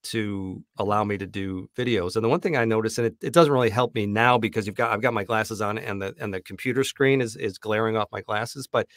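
A man who works as a voice actor, talking easygoing in a casual interview from his home studio on a boom-arm microphone. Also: fairly even intonation, fairly quick, few pauses, fairly bright tone, no echo. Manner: easygoing, dry self-deprecating humor. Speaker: voice actor and audiobook narrator guest.

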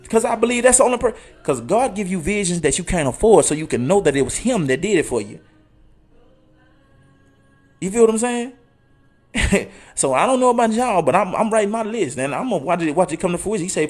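A man in his thirties, an online coach, giving a fervent motivational talk that swings from low and hushed to loud and high, repeating phrases for emphasis and quoting scripture. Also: animated, fairly quick. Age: 30s. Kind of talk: motivational talk on a live show.

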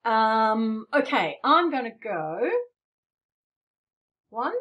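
A woman's voice: on the high side, very animated, drawn-out words, a bit bright, lo-fi sound. A middle-aged woman teaching piano in a playful, encouraging way, explaining rhythms as she plays. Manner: playful and encouraging, demonstrates while playing. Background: piano playing.

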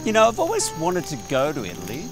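An actor with an Australian accent playing an eager, chatty grown son who gushes and laughs often, in a TV comedy-drama. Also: male voice, on the high side, huge pitch swings, fast talker, over music. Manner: bubbly, gushing, laughs often. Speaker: adult son arriving at a family dinner.

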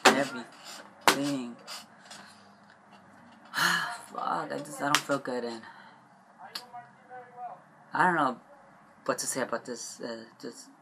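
A young man rambling in a confessional vlog, upset and stressed, halting and trailing off with frequent swearing. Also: medium pitch, fairly even intonation, background noise.

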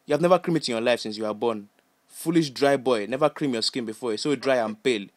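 Comic Nigerian uncle, bossy and scolding, voiced by a man, Nigerian accent, fast, dry close mic. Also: medium pitch, no echo, lightly acted. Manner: scolding, rapid repetitive insults. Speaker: comedy character. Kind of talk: comic insult banter on a call.

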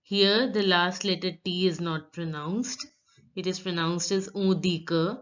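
A woman giving a slow, patient pronunciation lesson, her voice bright and a little low. She spells out letters and explains how each sound is said. The recording sounds dull and lo-fi. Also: fairly even intonation. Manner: reads French words slowly, then explains each sound carefully. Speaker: French teacher.

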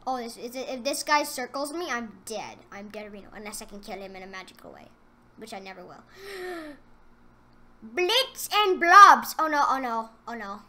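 High, bright-voiced excitable female gamer. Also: brisk. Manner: excitable, trash-talks opponents, drops to mumbled asides. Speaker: gaming channel host. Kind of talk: casual gameplay commentary.

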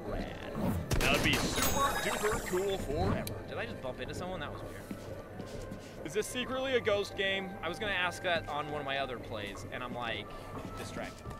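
A man giving casual let's-play commentary as a gaming video creator, chatty and self-mocking, trash-talking the game as he plays. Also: medium pitch. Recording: loud game music behind.

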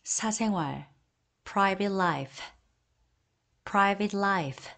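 With a medium-pitched, slightly bright voice, a woman works through an English vocabulary list, stating each Korean word before slowly and deliberately repeating the English phrase two times.

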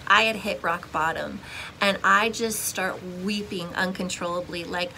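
Bright-voiced young woman telling her story. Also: medium pitch, a little slow, vocal fry, slight background noise, rough recording. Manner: expressive, emotional retelling with restarts. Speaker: vlogger sharing a faith testimony. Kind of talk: personal testimony, casual storytelling.

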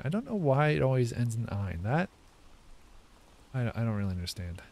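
A man's voice: mid-range voice, sing-song, moderate pace, gravelly, pauses often, over music. A man thinking aloud as he practices a language he is learning, guessing at words and correcting himself as he sounds them out. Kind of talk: casual think-aloud commentary.

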